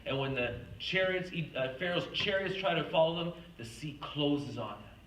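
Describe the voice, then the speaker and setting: Woman retreat speaker, earnest storyteller, bright tone, distant mic with faint room hum. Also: sits low, expressive, moderate pace, reverberant. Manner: earnest, storytelling, acts out quoted speech. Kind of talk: faith talk to a retreat audience.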